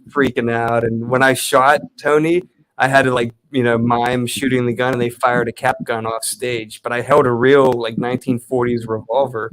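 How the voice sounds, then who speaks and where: A man's voice: medium pitch, poor audio. A man talking as a guest on a livestream in a loose way, swearing and laughing often. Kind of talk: casual chat.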